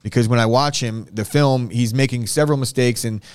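A man's voice: mid-range voice, fairly quick, smooth. A man co-hosting a sports talk show, breaking down play with wry casual chat.

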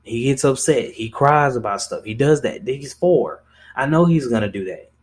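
A man's voice: medium pitch, animated, moderate pace, slightly rough. A young man speaks on his podcast in a casual, unscripted monologue. He is blunt and impassioned, swears often and restarts his sentences as he presses his point. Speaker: podcast host.

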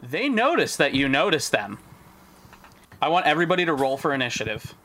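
A man's voice: fairly high pitch, big pitch swings, brisk, noisy background. Brash joking young man running a game. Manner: brash, joking, swears freely. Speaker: dungeon master. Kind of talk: running a tabletop game podcast.

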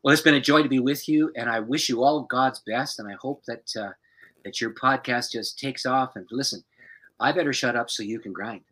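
A male pastor telling a personal story in a dramatic, expressive way, acting out the people in it. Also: medium pitch, brisk, poor audio. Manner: dramatic, expressive storyteller who acts out the people in his stories.

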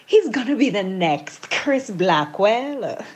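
A woman voicing a bubbly, affectionate fiancée in an audiobook memoir, gushing over a guest with drawn-out greetings. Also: medium pitch, sing-song. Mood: chatty.

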